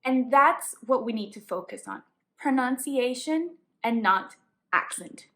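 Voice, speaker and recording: A woman from Colombia with a Colombian Spanish accent, a native Spanish speaker, explaining English tips as a teacher in a clear, explanatory way. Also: fairly high pitch, lively intonation, measured pace, pushed and bright. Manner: clear, explanatory, emphatic on examples. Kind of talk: tips lesson to camera.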